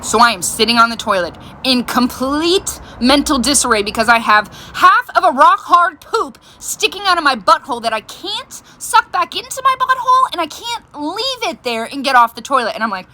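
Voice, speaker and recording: A young woman vlogger telling a personal story in a frank, animated, exaggerated way. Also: high voice, normal speed, hardly any pauses, slight background noise. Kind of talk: casual storytelling.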